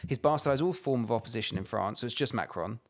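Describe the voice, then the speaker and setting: A man co-hosting a podcast, talking fast and hammering his points home with swearing. His voice sits at an ordinary pitch and he rattles through his rant with heated emphasis. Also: animated. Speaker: podcast co-host. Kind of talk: heated casual chat.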